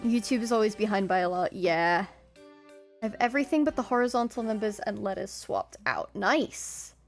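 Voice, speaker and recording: A woman's voice: medium pitch, normal speed, soft background music. A young woman hosting a live stream on a headset, chatting casually, greeting viewers and reading chat aloud. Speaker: streamer host.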